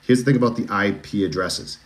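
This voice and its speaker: Guy with a boston accent running a true crime live stream, deep voice, chatty, keeps restarting sentences and throwing questions at chat. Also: quick pace. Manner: chatty, with frequent restarts and direct questions to viewers. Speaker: true crime livestream host. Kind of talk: casual live-stream chat reading viewer comments.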